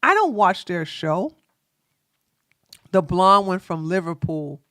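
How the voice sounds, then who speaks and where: A woman host giving sassy, animated reaction commentary on a livestream, exclaiming and throwing in asides. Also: fairly low pitch, takes it slowly, dry recording, studio quality.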